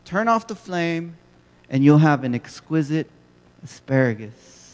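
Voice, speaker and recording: A man's voice: on the high side, animated, unhurried. A man voicing a relentlessly polite, cheerful male grocery cashier who keeps saying "sir", heard with a long hall reverb. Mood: helpful. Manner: chipper, calls everyone sir.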